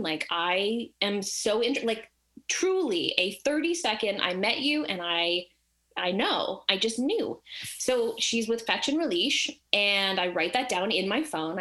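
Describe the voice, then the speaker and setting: A woman telling a personal story in casual chat, animated and acting out the voices of the people in it. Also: medium pitch, a little slow.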